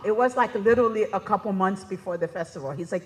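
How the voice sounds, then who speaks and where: A woman with a mid-range voice talks fast as she gives a conference presentation in a reverberant hall. Her style is chatty and conversational, and she keeps checking in with "right?"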